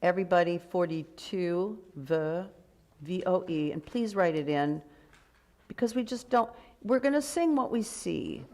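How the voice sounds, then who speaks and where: A woman's voice: lowish voice, lively intonation, mellow. Older woman leading a choir rehearsal. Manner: brisk, encouraging, gives sung demonstrations. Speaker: choir director. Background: choir and piano music.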